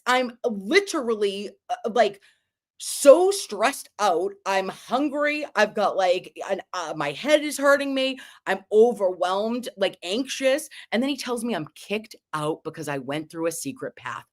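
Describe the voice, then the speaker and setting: A woman tells a story on her livestream, loose and foul-mouthed. Her pitch swoops up and down as she gets carried along, and she fires off quick asides between the beats. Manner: animated, profane, quick asides and laughter. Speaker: livestream host. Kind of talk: casual storytelling chat.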